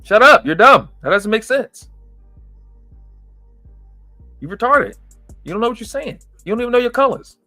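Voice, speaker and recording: A man's voice: very high-pitched, very animated, quick pace, fairly bright tone, no echo, soft background music. A man hosting a livestream, ranting angrily and mocking his critics with heavy profanity. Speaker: livestream host. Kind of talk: angry ranting monologue.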